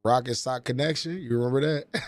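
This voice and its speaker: A man's voice: mid-range voice, brisk, no room sound. Profane rambling man on a livestream. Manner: profane, rambling, nostalgic storytelling. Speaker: livestream host. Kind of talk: casual livestream chat.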